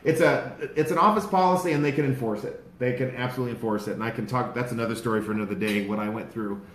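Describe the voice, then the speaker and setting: A man excitedly recounting his day to a small group, rambling and growing heated as he goes. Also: mid-range voice, fast talker. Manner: excited, rambling, grows louder and more heated. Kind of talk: casual storytelling to a small group. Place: outdoors in a city, among supporters. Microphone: handheld phone held by a bystander. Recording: echoey with background noise.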